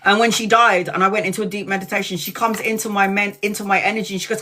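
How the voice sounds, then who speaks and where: A woman reads tarot on a live stream. She talks candidly and swears freely. Her mid-pitched voice turns emphatic, and she repeats key points. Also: steady tone, quick pace, bright, forceful tone, slight background noise. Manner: earnest and emphatic, repeats lines. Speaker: tarot reader.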